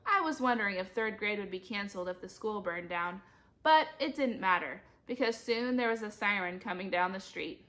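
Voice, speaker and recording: A woman reading a children's chapter book aloud, jumping to loud high voices for the characters' shouted lines. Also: lively intonation, moderate pace. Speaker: reader.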